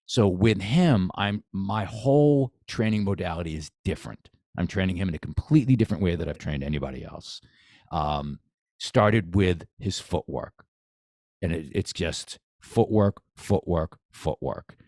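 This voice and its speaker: A man with a low, deep voice talks shop as a boxing coach on a podcast. He is eager and repeats himself, circling back and restarting sentences. The sound is close and dry, with no room around it. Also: moderate pace, a little mellow, no room sound. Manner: enthusiastic, repeats phrases, many restarts. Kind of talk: casual podcast conversation.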